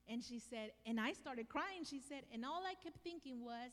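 A woman preaching a sermon in an emotional, emphatic way, with slow, dramatic pauses. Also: high voice, in a large hall.

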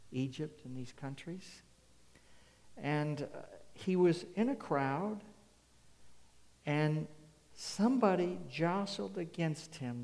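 Slow emphatic male preacher in a hall. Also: mid-range voice. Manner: emphatic, swings between loud and hushed. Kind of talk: sermon. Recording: long hall reverb.

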